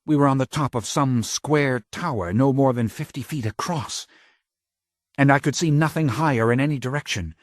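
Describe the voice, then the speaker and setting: A man narrating an audiobook in a dramatic, intense way, close to a studio mic. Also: no echo. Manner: slow, low and intense, rising to urgent cries.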